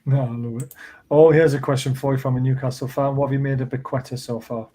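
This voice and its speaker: A laid-back man hosts a casual football round-up show. He sounds chatty and easygoing, in his thirties. His voice is mellow and dark, at a middle pitch. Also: flat delivery, fast talker. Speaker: host.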